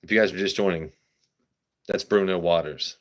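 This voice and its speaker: A man with a somewhat low voice hosts a relaxed livestream. He talks in a loose, playful way, teasing and chatting with his audience. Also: moderate pace. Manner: playful, talks to his pet guinea pig and chat. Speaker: livestream host. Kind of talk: casual livestream chat.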